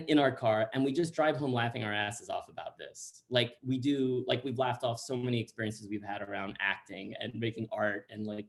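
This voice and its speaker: A man from Central Texas spins a comic personal story in an animated, chatty way, scattering likes and asides. He is heard over a video call mic. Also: medium pitch.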